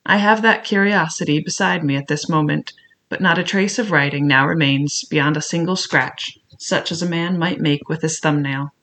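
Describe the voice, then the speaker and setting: Bright-toned male storyteller. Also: on the high side. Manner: measured, reflective first-person telling. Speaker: audiobook narrator. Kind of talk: storytelling narration of a classic novel.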